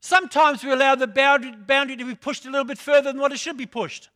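Older man, preacher, high-pitched voice, bright tone, storytelling sermon, repeats phrases for emphasis. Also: steady tone, rapid-fire.

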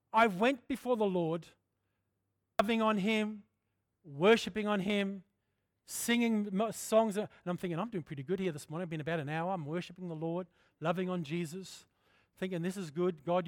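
A middle-aged man preaching a sermon in a candid, conversational way, often clearing his throat. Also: sits high, dry recording, studio quality. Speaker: pastor.

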